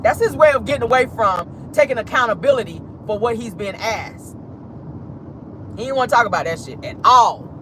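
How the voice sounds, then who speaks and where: A woman hosting a casual celebrity gossip vlog, sassy and animated, laughing and talking straight to her viewers. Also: a little high, normal speed, a little hiss or hum. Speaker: host.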